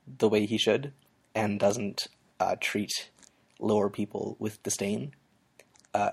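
Halting gravelly podcast co-host. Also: male voice, on the low side, a little mellow. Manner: halting, full of "like" and "um". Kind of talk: casual chat.

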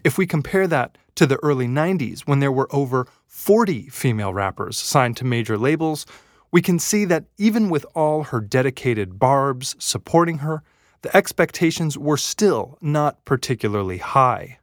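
A man's voice: mid-range voice, very animated, moderate pace, no room sound, studio quality. Man narrating with wry asides. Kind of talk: scripted documentary narration. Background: faint music bed.

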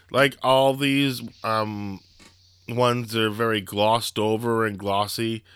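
Podcast co-host, man, rambling storyteller, bright and crisp, dry. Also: medium pitch, steady tone, takes it slowly, no echo. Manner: rambling storyteller, lots of fillers and profanity. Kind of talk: casual chat.

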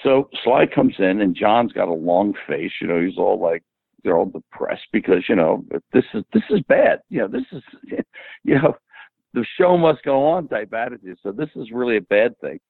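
A man in his seventies, an interview guest, telling animated anecdotes and acting out the dialogue. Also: fairly low pitch, moderate pace, vocal fry, breathy edge, no echo. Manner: animated anecdote teller who acts out quoted dialogue. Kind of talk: casual storytelling interview. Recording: tinny phone-like dry audio.

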